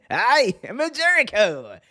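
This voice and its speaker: A man putting on the voice of a pompous, hammy male wrestler, booming theatrical taunts. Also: huge pitch swings, slow pace, bright, forceful tone, full character voice.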